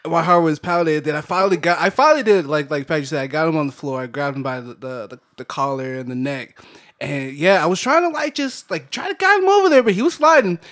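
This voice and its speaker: A man co-hosting a podcast, rambling through a family story with excited restarts. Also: fairly high pitch, quick pace. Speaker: podcast co-host. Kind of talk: casual storytelling chat.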